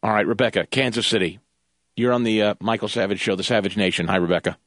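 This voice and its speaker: A man's voice: fairly low pitch, steady tone, fast talker, fairly bright tone, dry recording, clean studio sound. A man filling in as a radio talk show host, ranting with fiery sarcasm about politics and the media.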